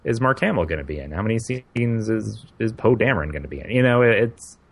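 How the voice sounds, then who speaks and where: A man with a very deep voice co-hosts a relaxed podcast conversation. He thinks aloud, circling back and restarting phrases as he builds his point. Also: brisk, gravelly. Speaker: podcast co-host. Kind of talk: casual chat.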